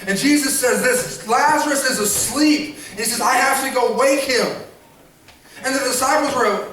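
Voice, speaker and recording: A man preaching a sermon as pastor, animated, acting out voices and calling on the congregation to respond. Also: very high-pitched, moderate pace, distant mic, a little hiss or hum. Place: church sanctuary. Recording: echoey church hall, miked from afar.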